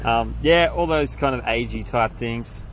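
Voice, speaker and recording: A young man in his twenties talks in a dry, deadpan way and often pauses on "um" while chatting on a podcast. His voice sits in a middle pitch. The recording is dull and lo-fi, with faint hiss behind it. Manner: dry, deadpan, hesitant with ums. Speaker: podcast co-host. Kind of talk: casual chat.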